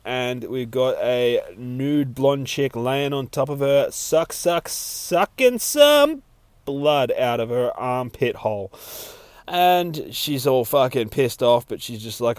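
A man's voice: mid-range voice, expressive, unhurried, no echo. A man hosting a podcast, recapping a comic in a casual, profane, rambling way and laughing often. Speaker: podcast host.

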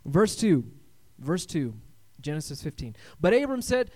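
A male pastor with a notably high voice delivers a sermon. He swings from loud, emphatic declarations to hushed, near-whispered lines and keeps asking the congregation for an amen. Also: big pitch swings, measured pace. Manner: dynamic preaching, swinging between loud emphasis and hushed tones, asks for amens.

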